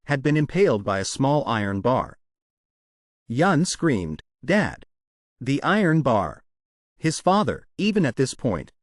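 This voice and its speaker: A man reading a comic story recap aloud in a steady, plain storytelling manner. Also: mid-range voice, no room sound, studio quality. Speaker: manhwa recap narrator. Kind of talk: scripted story narration.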